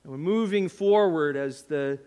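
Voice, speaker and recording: A man's voice: fairly high pitch, unhurried, warm tone, smooth, in a large hall. A man preaching a sermon as pastor, earnest and building to impassioned appeals, at times dropping almost to a whisper.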